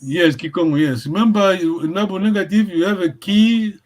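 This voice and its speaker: High-voiced man teaching a language class. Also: a little fast. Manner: encouraging, checks understanding often. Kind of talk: interactive language lesson.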